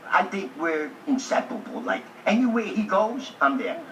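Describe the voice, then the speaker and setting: Animated man telling a story. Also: sits high, moderate pace, heavy background noise. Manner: lively storyteller with a streetwise, joking delivery. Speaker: interviewee. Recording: echoey room, distant mic.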